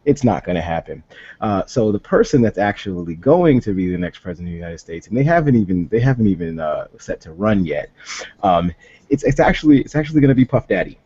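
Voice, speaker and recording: A man with a husky voice, giving a laid-back, assertive comic answer on a panel game. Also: on the low side, big pitch swings, quick pace, dark tone. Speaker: panel contestant. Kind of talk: comedic improv answer. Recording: muffled lo-fi recording.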